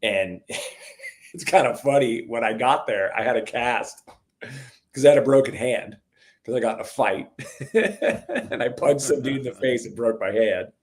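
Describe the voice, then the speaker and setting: A middle-aged man telling stories in a relaxed conversation, calling the listener "dude" a lot and getting animated at the exciting parts. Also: medium pitch, unhurried. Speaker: podcast guest. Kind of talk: casual storytelling chat.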